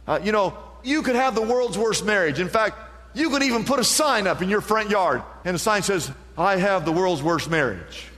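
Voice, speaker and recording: Impassioned high-voiced male preacher. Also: very animated, brisk, a bit bright, long reverb tail. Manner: impassioned, building repeated refrains. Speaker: pastor. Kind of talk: sermon.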